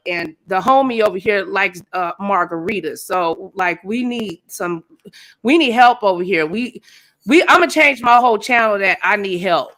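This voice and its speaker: A woman hosting a casual gossip chat, telling a story loudly and dramatically and acting out what people said. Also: mid-range voice. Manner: loud, dramatic storytelling with laughs and acted-out quotes. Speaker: host. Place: Las Vegas area, at home.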